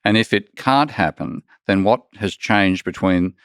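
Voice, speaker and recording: A man with an Australian accent, a guest economist chatting casually, blunt and joking, telling lively stories. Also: fairly low pitch, unhurried, clean tone, no echo, clean studio sound. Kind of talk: casual conversation.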